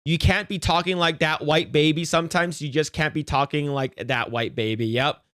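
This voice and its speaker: A man's voice: fairly high pitch, fairly even intonation, normal speed, a bit bright, dry recording, studio quality. Blunt, profane man ranting on stream. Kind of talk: casual reaction stream commentary.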